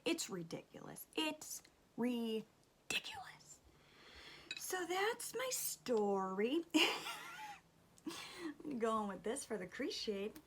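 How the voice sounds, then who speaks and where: A woman in her thirties chatting casually as she does her makeup, exasperated and often dropping to a soft near-whisper. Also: sits high, wildly swooping pitch, slow, long pauses, background noise. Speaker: beauty vlogger, mother. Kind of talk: casual storytelling during a makeup tutorial.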